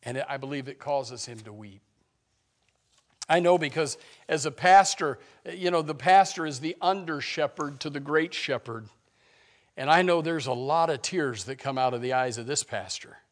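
A man preaching a sermon as pastor, swinging between loud declarations and hushed, low lines, asking his congregation rhetorical questions. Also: normal speed.

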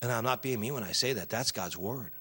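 A man preaching a sermon as pastor, swinging from loud exhortation to quiet earnest asides and acting out objections from the pews. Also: brisk, husky. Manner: acts out congregation objections in a higher voice.

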